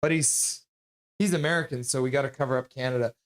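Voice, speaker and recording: A man streaming live play-by-play commentary, joking with viewers between calls and getting loud and excited on big plays. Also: mid-range voice, racing, a little hiss or hum. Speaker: streamer calling the game live.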